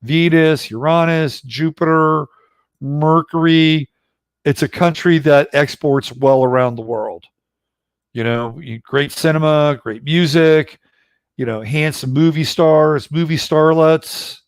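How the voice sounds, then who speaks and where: A man's voice: on the high side, takes it slowly, clear, resonant tone, dry recording, clean studio sound. A middle-aged man hosting a casual livestream about astrology, rambling and blunt, with occasional swearing. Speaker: astrologer host.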